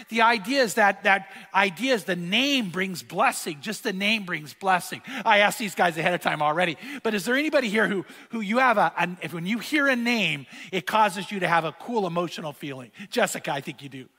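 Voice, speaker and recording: A man's voice: high-pitched, a little fast, few pauses. A middle-aged man preaching a sermon as pastor, telling stories in a casual, conversational way. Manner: storytelling with acted dialogue, conversational and lively. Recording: reverberant church hall.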